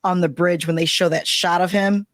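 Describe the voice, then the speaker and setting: A woman's voice: on the low side, fairly even intonation, moderate pace, no room sound, clean studio sound. A woman co-hosting a casual fan podcast, talking in a chatty, blunt way. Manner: chatty, blunt, laughing along. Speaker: podcast co-host. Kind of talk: casual chat.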